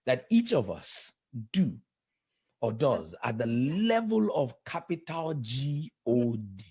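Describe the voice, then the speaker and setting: A man, a life coach and preacher, telling his story as a podcast guest in an emphatic style, repeating key phrases slowly for effect. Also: medium pitch, very animated, mellow, breathy edge.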